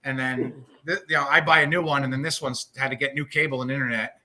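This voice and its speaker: A man's voice: medium pitch, steady tone, quick pace, pushed and bright, slight background noise, low-quality recording. A man with a Long Island accent, co-hosting a podcast and chatting in a rambling, conversational way. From Long Island, New York. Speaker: podcast co-host. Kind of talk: casual interview chat.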